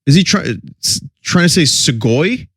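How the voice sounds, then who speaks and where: A man's voice: on the high side, expressive, normal speed, fairly bright tone, slightly rough, dry recording, clean studio sound. A man streaming and reacting to old commercials in casual, rambling commentary with chuckling asides.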